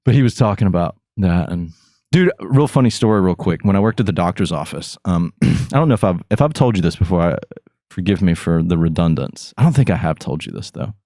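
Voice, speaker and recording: A man's voice: low voice, expressive, brisk, dark tone, no room sound, clean studio sound. Goofy, rambling male podcast host. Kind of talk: casual chat.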